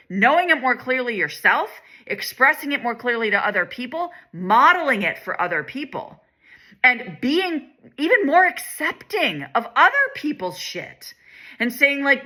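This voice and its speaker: Young woman wellness coach, bright tone, earnest flowing delivery, casual cursing. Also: mid-range voice. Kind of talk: intimate motivational monologue.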